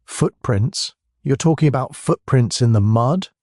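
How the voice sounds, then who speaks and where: An actor voicing a blustering, pompous police chief inspector who bellows and sneers. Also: male voice, medium pitch, lively intonation, unhurried, darkish tone, no room sound, clean studio sound, close to an everyday voice.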